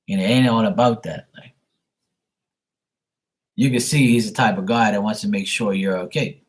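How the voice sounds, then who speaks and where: Man, middle-aged, tarot reader, profane, blunt, ranting, casual livestream. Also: on the low side.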